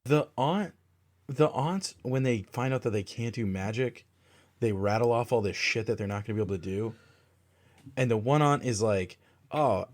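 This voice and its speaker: A man's voice: mid-range voice, animated, moderate pace. A man in a casual podcast chat, making wry remarks about small details. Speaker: podcast co-host.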